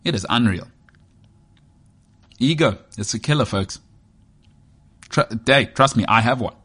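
A man's voice: mid-range voice, measured pace, bright, forceful tone, husky. A man in his thirties with a South African accent, hosting a sports show as a rambling, joking, self-mocking monologue. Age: 30s. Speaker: sports podcast host.

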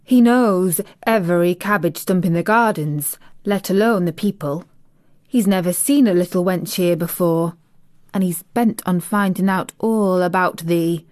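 A woman voicing a surly old male gardener who speaks bluntly in old-fashioned country talk, read in a slow audiobook. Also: on the low side, darkish tone, dry recording, studio quality, lightly acted. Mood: gruff. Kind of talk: audiobook character voice.

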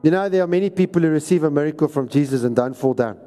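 A man's voice: on the high side, very fast, mellow, faint music behind. A man preaching a sermon, exhorting and repeating lines for emphasis. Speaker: pastor. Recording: reverberant hall recording.

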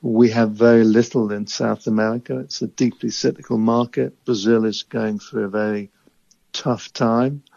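A man who invests in emerging market equities, answering interview questions in a measured, analytical way. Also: medium pitch, steady tone, creaky, darkish tone, dry recording, muffled recording.

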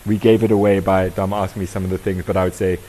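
A South African man facilitating a workshop, talking with an audience in a lively, conversational way and asking them questions. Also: low-pitched, fast, a little hiss or hum, rough recording. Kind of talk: interactive talk to an audience.

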